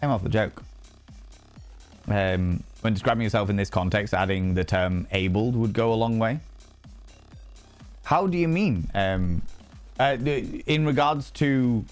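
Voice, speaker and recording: Casual male streamer, chatty and sweary, bit low-pitched, quiet music in the background. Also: unhurried, clear, resonant tone. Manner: chatty, loose, swears casually, frequent fillers. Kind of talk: casual chat reading and answering live chat.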